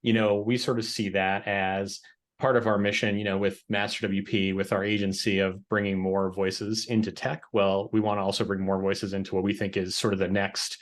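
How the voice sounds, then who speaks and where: Lower-voiced man in his forties. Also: little pitch movement, moderate pace. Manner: loose, filler-heavy. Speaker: company founder and educator. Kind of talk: webinar panel introduction.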